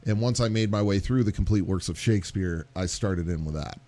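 A man's voice: low voice, brisk. A man in casual chat as a podcast co-host, talking expressively and playfully, swearing now and then. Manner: expressive, playful, vivid comparisons, swears freely. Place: garage.

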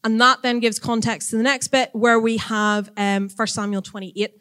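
A woman teaching a church audience in a casual, chatty sermon, lively and quick to act out voices when retelling stories. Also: fairly high pitch, smooth.

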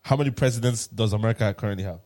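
A man's voice: fairly low pitch, racing, darkish tone, dry recording. A man asking his friends quiz questions and telling jokey stories in casual banter. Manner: laughing, joking storyteller. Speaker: quiz host among friends.

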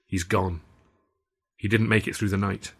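A man reading the part of a steady, kindly theatre company manager who speaks quietly and bleakly. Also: on the low side, moderate pace, creaky, breathy edge, exaggerated voice. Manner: quiet, bleak and soft-spoken. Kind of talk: audiobook character voice.

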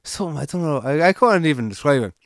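A man's voice: fairly high pitch, animated, fast talker, no room sound, clean studio sound. A man with an Irish accent telling a long, rambling anecdote in casual chat, acting out the quoted lines and swearing freely.

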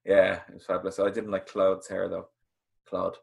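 A man's voice: low-pitched, monotone, moderate pace, vocal fry, a little mellow, slightly rough. An Irish man co-hosting a podcast, goofy and joking in casual chat. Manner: goofy, joking, makes silly noises. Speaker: podcast co-host.

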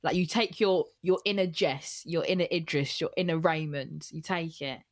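A woman's voice: low voice, moderate pace. A woman hosting a podcast, asking long, searching questions with many fillers. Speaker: podcast host. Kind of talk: conversational interview.

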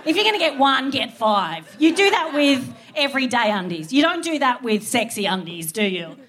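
A woman with an Australian accent telling a comic story on stage, animated and swearing freely as she acts out voices. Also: high voice, moderate pace. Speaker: comedian. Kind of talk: live stand-up storytelling.

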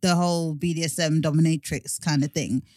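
A man's voice: fairly high pitch, fairly even intonation, fairly quick, a little mellow, no room sound, studio quality. A man co-hosting a podcast, making blunt, brief remarks in casual chat. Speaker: podcast co-host.

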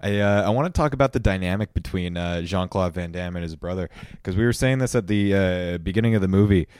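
Low-voiced laughing podcast co-host. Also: male voice, fast talker, a little mellow, clean tone, no echo, clean studio sound. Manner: laughs often, swears casually. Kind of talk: casual comedic chat.

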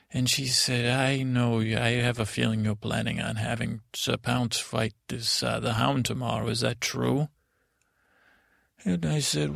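A man's voice: mid-range voice, flat delivery, a little slow, creaky, a bit bright, no room sound, studio quality. A man narrating as a naive boy prince, rambling with fillers and restarts in improvised comedic storytelling.

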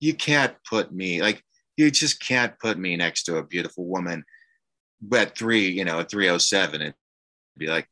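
A man, an actor, telling a candid personal story in conversation, halting and emotional with many fillers and restarts. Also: low voice, sing-song, sharp tone. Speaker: actor guest.

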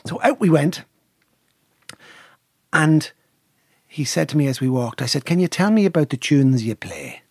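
Middle-aged irish man, husky storyteller, slightly high voice, dry close sound. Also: a little slow, long pauses, dry recording. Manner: lively storyteller, mimics drum sounds, swears casually. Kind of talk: animated anecdote telling.

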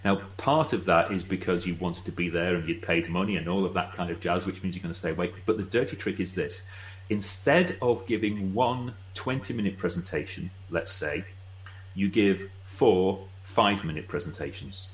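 A middle-aged British man speaking as a guest expert, explaining with brisk, wry asides. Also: sits low, low-quality recording. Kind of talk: casual explanatory chat.

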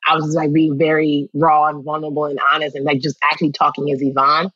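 Woman in her 30s chatting, jumps up high when she quotes folks, dry and kinda dull sound. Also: fast talker, slightly rough, no room sound. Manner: animated storytelling, acts out quotes, laughs often. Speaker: actress guest. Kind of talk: casual interview chat.

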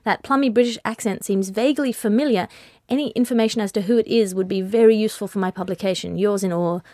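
A woman's voice: mid-range voice, fast, dark tone, no echo, studio quality. A woman hosting a comedy podcast in a mock-formal news presenter manner. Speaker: podcast host.

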